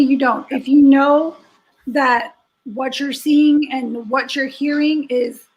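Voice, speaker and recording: A woman's voice: sits high, poor audio. A woman co-hosting a podcast in casual chat, speaking earnestly and reflectively with occasional jokes. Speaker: podcast co-host.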